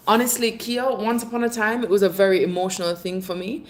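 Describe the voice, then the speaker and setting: A woman's voice: medium pitch, brisk, few pauses, a little hiss or hum. A woman hosting a casual livestream, chatting candidly with viewers and calling them babe. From Jamaica. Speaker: livestream host. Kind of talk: casual live chat reading viewer comments.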